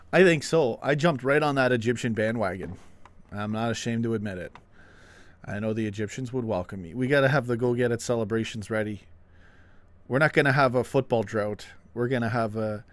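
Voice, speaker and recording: A man from Canada hosting a casual football live stream, chatting and answering viewers in a self-mocking way. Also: mid-range voice. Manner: chatty, self-mocking, reads chat aloud. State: out of breath. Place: home room, window open.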